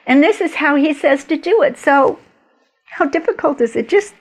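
A woman retelling a Bible story as a teacher, with lively, chatty asides. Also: high-pitched, normal speed.

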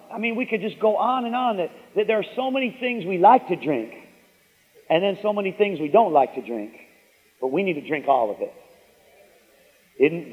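A man preaching a sermon in a slightly high voice, reading scripture and then building to emphatic, repeated exhortations. His words ring out with a long reverb, as in a church hall. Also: a little mellow. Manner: rising to emphatic preaching, calls for amens.

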